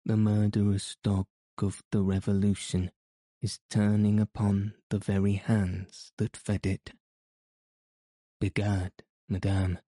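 A man's voice: fairly low pitch, monotone, takes it slowly, no room sound. Man reading a proud, gallant nobleman. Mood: sarcastic. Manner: cold, gentle, sarcastic.

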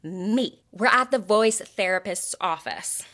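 A woman's voice: medium pitch, animated, takes it slowly, a bit bright. A young woman from Texas hosting a podcast, chatting and telling stories dramatically, with jokes and swearing. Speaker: podcast host. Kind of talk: casual chat, storytelling.

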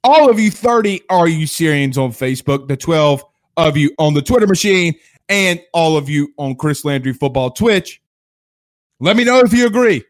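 High-voiced fired-up sports host. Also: male voice, animated, moderate pace. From Louisiana, USA. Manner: fired-up, combative, sarcastic. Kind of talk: livestream sports rant.

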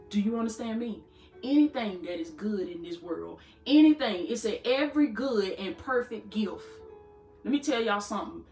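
A woman's voice: medium pitch, roomy sound. A woman preaching a sermon in a fervent, rhythmic style, repeating phrases and calling her listeners "baby" in casual speech. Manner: colloquial, calls listeners "baby". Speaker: preacher and podcast host. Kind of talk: live-streamed sermon.

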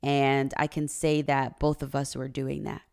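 A woman's voice: very deep voice, level tone, measured pace, creaky, darkish tone, smooth. A woman hosting a podcast, talking in an earnest, confessional way about her marriage and faith, and sometimes getting emotional. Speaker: podcast host. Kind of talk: personal faith podcast monologue.

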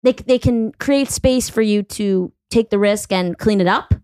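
A woman in her thirties hosting a podcast, talking in a blunt, profane, quick-joking way. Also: mid-range voice, darkish tone, clear, resonant tone, no room sound. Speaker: podcast host. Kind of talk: casual podcast chat.

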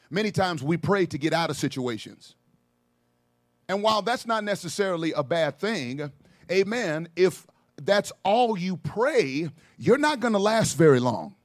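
A male pastor preaching a sermon, swinging from low murmurs to loud calls, with frequent ums. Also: very animated, a little slow, dry recording.

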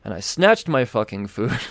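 A man's voice: medium pitch, gravelly, dry recording. A man hosting a podcast, telling a story in a casual, profane, exasperated rant. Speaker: podcast host.

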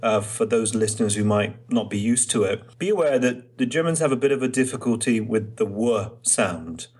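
Husky-voiced male podcast host, chatty. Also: fairly low pitch, animated, normal speed, a little mellow. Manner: chatty, explains with examples. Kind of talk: casual podcast chat. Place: Trieste, Italy.

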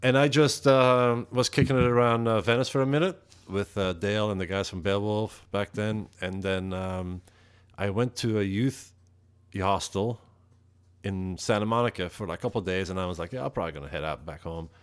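A man's voice: steady tone, normal speed, clean tone. A man from Europe, a metal musician, telling stories as a guest on a casual interview, swearing freely and acting out quoted lines. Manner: profane, laid-back, acts out quotes with rising pitch.

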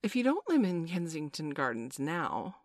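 A woman's voice: low voice, sing-song, normal speed, no echo, studio quality. A woman reading a storybook aloud, voicing an eager, curious young girl who asks breathless questions.

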